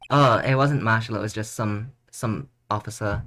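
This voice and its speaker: A young man streaming a game, joking and reacting in a chatty, excitable way. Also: fairly low pitch, moderate pace, hardly any pauses, a little hiss or hum. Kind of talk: let's play commentary. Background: game music.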